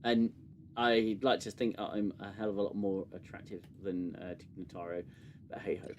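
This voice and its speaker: A man's voice: on the low side, fairly even intonation, normal speed, heavy background noise. Sarcastic man, rambling. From United Kingdom. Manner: sarcastic, rambling, with many fillers. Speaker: show host. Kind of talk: casual review livestream chat.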